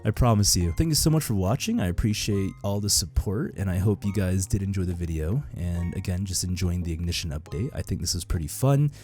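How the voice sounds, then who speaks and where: A young man with a fairly low voice talks casually over his gameplay, upbeat and chatty, peppering his sentences with "like" and little laughs. Faint music plays quietly underneath. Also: expressive, fairly quick, few pauses. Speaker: gaming YouTuber and streamer.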